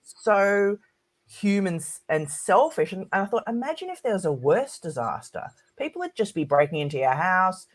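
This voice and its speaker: A woman academic as a podcast guest, talking casually and ranting with animation. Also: on the low side. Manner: animated ranting, quick to mimic others.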